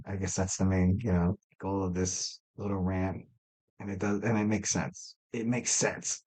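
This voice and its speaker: On his solo wrestling podcast, a young man chats in an animated, mid-range voice, going a little slowly. He rambles, uses fillers constantly, and throws in small jokes at his own expense.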